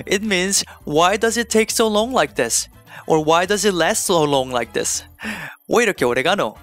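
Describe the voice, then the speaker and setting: Man, language teacher, slightly high voice, clear explanations, playful asides, faint music underneath. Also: fairly bright tone. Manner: playful, slips in small jokes. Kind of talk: online language lesson.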